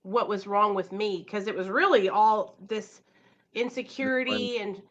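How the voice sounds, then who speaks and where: A woman's voice: mid-range voice, steady tone, measured pace. A woman hosting a candid conversation, speaking reflectively and often saying "you know". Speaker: host. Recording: dull lo-fi recording.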